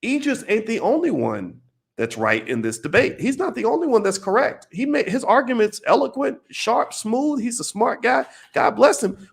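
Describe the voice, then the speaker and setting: An American man giving casual video commentary, animated and emphatic, firing off rhetorical questions and repeating his points. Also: high-pitched, fairly quick, gravelly.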